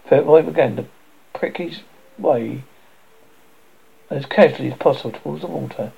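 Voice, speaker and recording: A man narrating a novel aloud with an animated delivery, with slips he corrects as he goes. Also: on the high side, moderate pace, vocal fry, pauses often, breathy edge. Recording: dull lo-fi recording.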